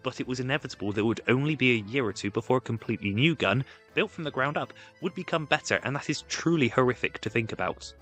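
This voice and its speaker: A man's voice: medium pitch, fast, fairly bright tone, soft background music. A man giving scripted, comedic history narration with wry, sarcastic asides.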